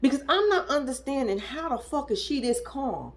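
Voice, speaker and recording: A young woman talks straight to her audience in a loose, profane rant, sounding incredulous and animated. Her voice sits a little high, and she jumps up into squeaky mimicry whenever she imitates someone. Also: moderate pace, hardly any pauses. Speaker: reality TV commentator. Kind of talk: casual reaction commentary.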